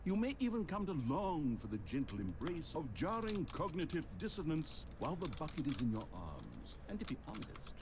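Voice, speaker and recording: A man's voice: on the high side, moderate pace, hardly any pauses. A man voicing a wry, mock-soothing omniscient game narrator in scripted delivery. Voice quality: dry, sardonic, lively delivery. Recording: game audio over background noise.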